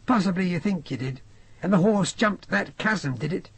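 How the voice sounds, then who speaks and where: A man voicing a young ship's doctor with a soft Scottish accent, talking fast in amazed disbelief. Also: sits high, animated, breathy edge, dry recording, voice pushed up, full character voice. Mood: incredulous. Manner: quick, amazed, laughing disbelief. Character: young male doctor, soft-spoken and incredulous.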